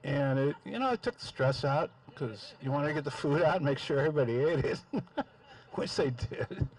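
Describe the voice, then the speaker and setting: A man's voice: fairly high pitch, expressive, moderate pace, slightly rough, poor audio. A man speaking into a microphone at a memorial gathering, telling a fond story with many fillers. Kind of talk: casual storytelling.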